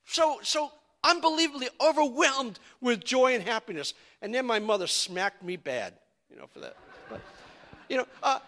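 A male pastor preaching a sermon, animated and stumbling over repeated words. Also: extremely high pitch.

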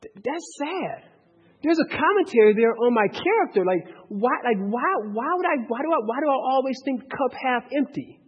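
A man with a very high, husky voice teaches scripture to a group, talking in an animated way with many restarts and questions. He is recorded in a dull, echoing hall with long reverb. Low-fidelity sound. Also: a little fast, hardly any pauses. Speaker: bible study teacher. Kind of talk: bible study teaching.

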